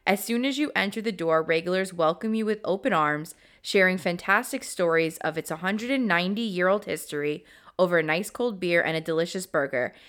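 A woman's voice: fairly low pitch, brisk, fairly bright tone. A young American woman co-hosting a casual podcast, upbeat and steering the talk, sometimes reading facts aloud. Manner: upbeat, guides the conversation, reads facts aloud. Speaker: podcast co-host. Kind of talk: casual chat.

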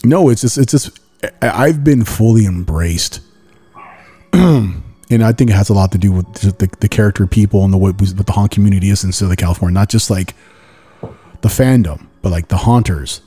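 Low, mellow-voiced man in casual chat. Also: brisk. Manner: animated storyteller, peppered with "like" and "dude"; frequent laughs and throat clearing.

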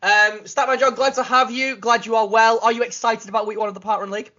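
A man's voice: very high-pitched, level tone, fast, pushed and bright, dull audio, slight background noise. A man hosting a casual podcast, jokey and enthusiastic, with big bursts of laughter. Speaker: podcast host.

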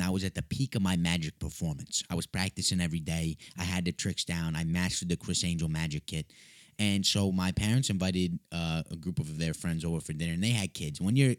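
A young man with a low, deep voice tells a comic personal story in a casual, offhand way. His talk is loose and salty, peppered with filler words. The sound is dry and close, with no room around it. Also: a little mellow, dry recording. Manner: loose and profane, with many filler "like"s.

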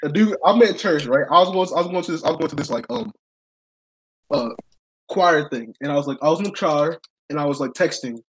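Young man, podcast host, excitable rambling storyteller, husky, fairly high voice. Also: fairly quick, rough recording. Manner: excitable, laughs often, rambling with many restarts. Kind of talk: casual storytelling chat.

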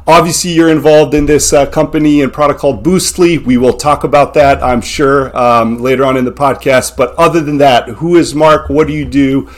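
A man's voice: mid-range voice, fairly even intonation, brisk, hardly any pauses. Upbeat podcast host, a man. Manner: upbeat, enthusiastic. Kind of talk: casual interview chat.

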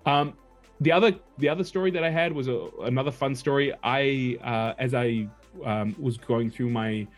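A man's voice: mid-range voice, moderate pace, soft background music. Man telling a rambling story. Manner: chatty, digressive storyteller. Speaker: podcast guest. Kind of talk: casual anecdotal storytelling.

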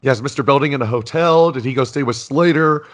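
Male co-host, mid-pitched, relaxed and admiring, casual podcast chat. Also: fast talker. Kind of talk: casual chat reviewing an old sitcom.

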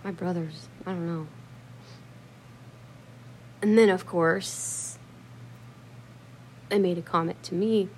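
A woman hosts a podcast, swapping stories in casual, blunt, profane chat, laughing often and acting out quotes with lively voices. Her voice is lowish and slow with long pauses, and there is slight background noise.

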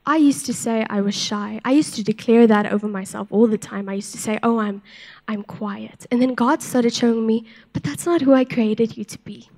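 Young woman, church speaker; soft-spoken, earnest testimony, somewhat high voice. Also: a little fast, hardly any pauses. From South Africa. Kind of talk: sermon with personal testimony.

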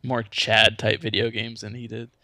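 A man's voice: on the low side, flat delivery, normal speed, sharp tone. A young man chatting casually about gaming memories, laid-back and rambling with lots of fillers. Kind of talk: casual chat.

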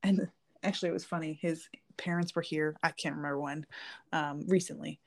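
A woman's voice: deep voice, fairly even intonation, a little fast, gravelly. A woman co-hosting a podcast, chatting casually and rambling with lots of fillers. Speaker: podcast co-host. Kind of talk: casual chat.

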